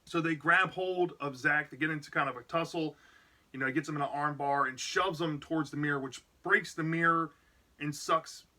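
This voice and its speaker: A man's voice: a little high, normal speed, sharp tone. A man casually retelling a book's plot as a reviewer, rambling with lots of "like" and "you know". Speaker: book reviewer.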